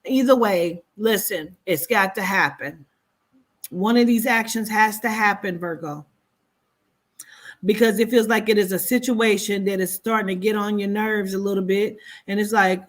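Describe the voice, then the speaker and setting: A woman's voice: medium pitch, moderate pace. A woman giving a casual astrology reading, talking to viewers in a chatty, playful, profane way. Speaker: horoscope reader.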